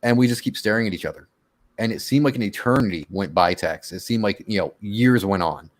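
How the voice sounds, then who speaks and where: A man casually telling his own monster encounter story on a radio show, animated and acting out his own quotes. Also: fairly low pitch, a little fast.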